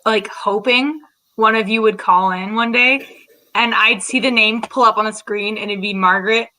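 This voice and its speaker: A woman's voice: mid-range voice, fairly even intonation, moderate pace, sharp tone. A Canadian woman chatting casually with friends on a video call, telling jokey stories. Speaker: co-host. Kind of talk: casual group chat over video call.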